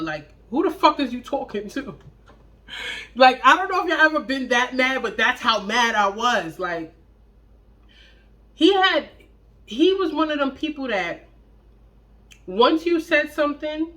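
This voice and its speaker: A young adult woman telling a blunt, profane storytime about a relationship, with animated, acted-out quotes. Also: high-pitched, measured pace. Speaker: storytime vlogger. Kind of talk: casual storytime monologue.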